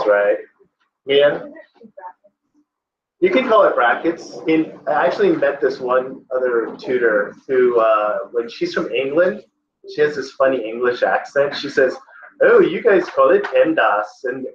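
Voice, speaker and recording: A man's voice: mid-range voice, lively intonation, a little slow, slight background noise. A male tutor giving a casual classroom lecture, conversational and often checking in with the class. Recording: echoey classroom, distant muffled mic.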